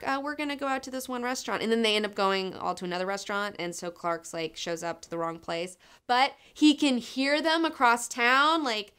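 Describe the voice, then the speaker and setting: A woman's voice: fairly high pitch, bright, forceful tone, clean tone. A young woman casually reviewing comics, enthusiastic, swearing freely and saying "like" a lot.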